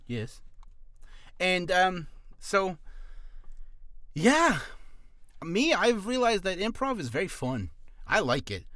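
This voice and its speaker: A goofy, rambling man teaching voice acting in a casual online video. His fairly high voice swoops up and down all the time. The sound is dry and close. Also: fairly bright tone, dry recording. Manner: goofy, rambling, self-deprecating. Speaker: voice acting tutor.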